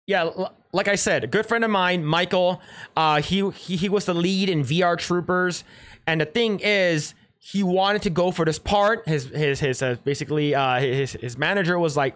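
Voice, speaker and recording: A man's voice: high voice, normal speed, fairly bright tone. A man hosting a livestream, reacting to a clip in rambling, sarcastic casual chat with frequent restarts and swearing.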